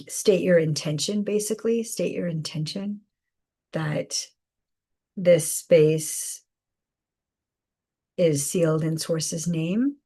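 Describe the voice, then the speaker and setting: A woman hosting a live spiritual guidance session, speaking softly with many fillers and repeated phrases. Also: sits low, breathy edge. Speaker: intuitive guidance host.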